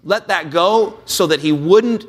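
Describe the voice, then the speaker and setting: A man preaching a sermon, reading a scripture passage and then explaining it in a relaxed, conversational way with frequent "uh"s. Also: sits high, measured pace. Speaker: pastor.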